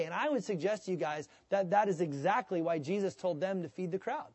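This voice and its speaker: A man preaching a sermon as pastor, in a conversational, animated way, sometimes acting out the voices of the people he quotes. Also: high-pitched, a little fast, few pauses, breathy edge, no echo.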